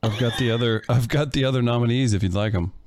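A man's voice: medium pitch, fast talker, a little mellow. A man co-hosting a casual chat with a dry, wry manner. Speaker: co-host.

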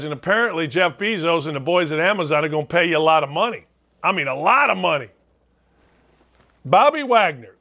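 A middle-aged male sports talk host riffs in a loud, animated, self-deprecating rant. His voice sits high and sounds bright and forceful. He keeps breaking into shouted re-enactments of his own frustration. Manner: animated, self-mocking, loud ranting with acted-out quotes. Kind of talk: casual sports talk monologue.

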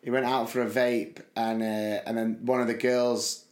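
A man co-hosting a podcast, telling a story in lively casual chat and mimicking his friends' voices. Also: medium pitch, moderate pace, roomy sound. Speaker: podcast co-host.

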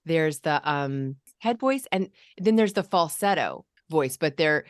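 A woman talking casually about parenting on a podcast, demonstrating calm ways to speak to children. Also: low-pitched, a little slow, no room sound, studio quality. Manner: demonstrates vocal registers and calm commands.

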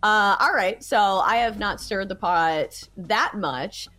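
A woman's voice: mid-range voice, slow, bright, forceful tone, soft background music. A woman with a Southern US accent co-hosting a sports show, chatting casually and with a self-deprecating touch.

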